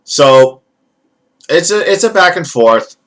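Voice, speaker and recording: A man's voice: on the high side, animated, slow pace, fairly bright tone. A man giving a rambling, profane, jokey recap as a casual wrestling event reviewer.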